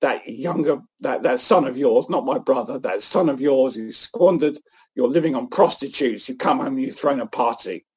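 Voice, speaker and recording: A man's voice: mid-range voice, moderate pace, a little mellow, slightly rough. A man voicing a resentful, dutiful older brother who complains indignantly.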